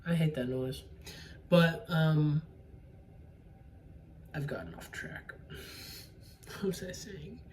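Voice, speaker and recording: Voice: medium pitch, lively intonation, takes it slowly, long pauses, darkish tone. A casual vlogger recapping a movie's ending with spoilers, rambling and swearing, often sidetracked. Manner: rambling, profane, easily sidetracked. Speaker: solo movie reviewer. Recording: distant mic with faint room noise.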